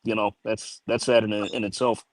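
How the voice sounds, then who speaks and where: A man's voice: lowish voice, little pitch movement, moderate pace, a little hiss or hum. An American man co-hosting a casual chat, easygoing, agreeing and musing aloud. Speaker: co-host.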